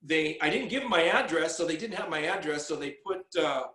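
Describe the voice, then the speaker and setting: A man's voice: fairly high pitch, expressive, fairly quick, a bit bright, echoey room. A man telling his story in casual talk, rambling, repeating words and acting out the exchanges he quotes.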